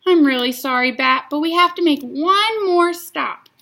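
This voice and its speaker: Woman doing a tired but patient mom from a kids book, calm, bright voice. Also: sits high, unhurried, creaky, voice pushed up, exaggerated voice.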